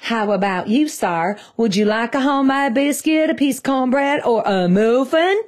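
A woman voicing a cheerful male waiter in his forties who puts on a thick Southern accent, speaking slowly and overly friendly. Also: extremely high pitch, animated. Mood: drawling, friendly. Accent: put-on Southern US. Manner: slow, drawn-out, overly friendly.

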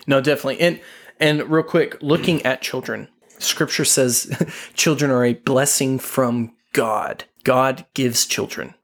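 A man hosting a casual Christian podcast, affirming his co-host and reading scripture slowly and deliberately. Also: mid-range voice, a bit bright.

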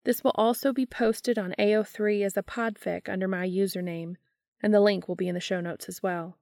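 A woman reading fan fiction aloud as an audiobook narrator, with a steady, even delivery. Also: mid-range voice, moderate pace, vocal fry, no room sound, clean studio sound. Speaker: podfic reader.

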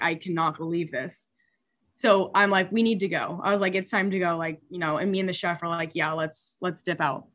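A young woman, a superyacht stewardess, telling a story in casual chat, animated and laughing, with many filler words. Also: mid-range voice.

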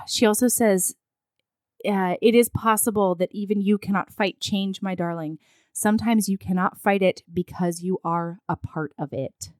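A woman recapping a film in casual chat, acting out the characters' lines in an animated way. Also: medium pitch, no echo, clean studio sound. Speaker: podcast co-host recapping a film. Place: her living room.

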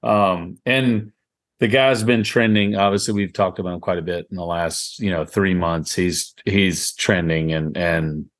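Deep-voiced Southern man, rambling golf chat. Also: steady tone, measured pace. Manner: rambling, laughs often, lots of "I mean". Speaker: podcast co-host. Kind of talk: casual golf podcast chat.

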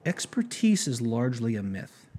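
A man with a mellow, husky voice hosts a podcast and tells a story out loud. He acts out both sides of a conversation with lively energy and restarts his sentences often. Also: mid-range voice, moderate pace. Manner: animated retelling with quoted dialogue, frequent restarts. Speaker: podcast host. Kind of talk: storytelling monologue.

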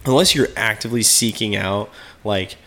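A man hosting a casual chat, animated, who often acts out quoted small talk. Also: on the low side, normal speed.

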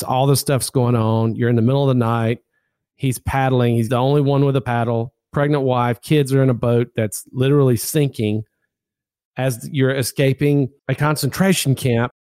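A man's voice: medium pitch, darkish tone, smooth, no echo, clean studio sound. A man hosting a podcast interview, reflecting enthusiastically on his guest's story in a casual way. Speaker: podcast host. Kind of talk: interview commentary.

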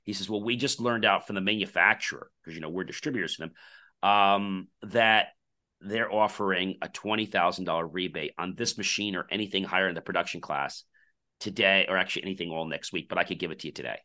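A man's voice: low voice, a little fast. A man who founded a company, telling a long anecdote as a podcast guest and acting out the dialogue of the people in it. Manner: animated storyteller acting out quoted dialogue. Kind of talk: anecdotal storytelling in a conversation.

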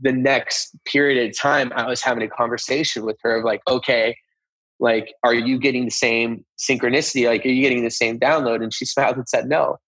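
A man's voice: mid-range voice, steady tone, fairly quick, fairly bright tone, husky, no room sound, poor audio. A man with a mid-range voice tells a personal story in a casual, earnest way. He keeps acting out the conversations he had. The sound is dry and close. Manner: earnest, reenacts conversations with "I was like". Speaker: guest telling a personal story.

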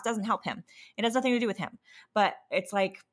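A young adult woman and parent of a toddler, exhausted, talking candidly in a halting, self-interrupting, emotionally raw way. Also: medium pitch, animated. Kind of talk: candid conversational chat.

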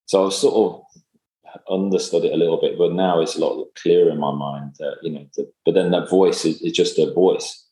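Very deep-voiced man, halting and reflective. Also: fairly even intonation, mellow. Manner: halting, reflective, many fillers and restarts. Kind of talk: casual conversation. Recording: echoey room.

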